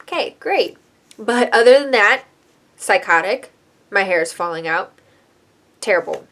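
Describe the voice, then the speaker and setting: A woman's voice: mid-range voice, animated, unhurried, a bit bright. A woman in her twenties, a hairstylist, telling a personal story in a candid, emotional, chatty vlog style.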